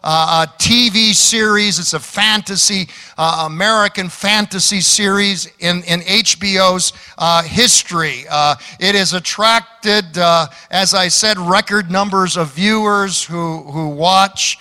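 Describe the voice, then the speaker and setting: A man's voice: sits high, a little slow, hardly any pauses, bright, forceful tone, big-room sound. A man preaching a sermon, folksy and joking, with emphatic calls to the congregation. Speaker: pastor.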